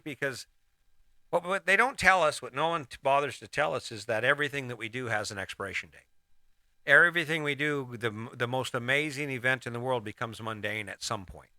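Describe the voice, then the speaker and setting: A man's voice: medium pitch, sharp tone, no room sound. A middle-aged man hosting a casual motivational monologue, rambling and restarting his sentences as he gives life advice. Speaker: host.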